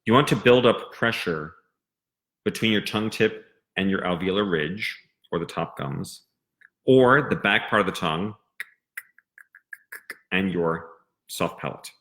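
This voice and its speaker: Guy voice coach explaining diction, slow talker, crisp on his consonants. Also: sits low, fairly bright tone. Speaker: voice teacher. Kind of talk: singing lesson explanation.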